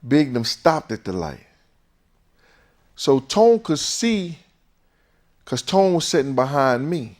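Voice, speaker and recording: A man with a high voice tells a long story, and his pitch swings widely as he goes. He talks casually, swears freely and acts out the other people's lines as a show host. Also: sing-song, slow, long pauses, a little mellow.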